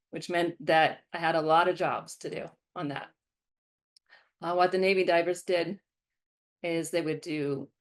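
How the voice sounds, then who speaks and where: A woman's voice: low voice, gravelly. A woman in her twenties from the American Midwest, giving a guest lecture and telling stories from her working life. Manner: storytelling, animated quoting of past self. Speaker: guest speaker. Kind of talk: lecture talk.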